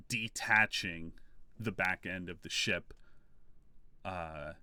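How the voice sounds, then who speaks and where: A man narrating a tabletop game as game master, in halting, filler-heavy speech. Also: fairly low pitch, pushed and bright, smooth, dry recording.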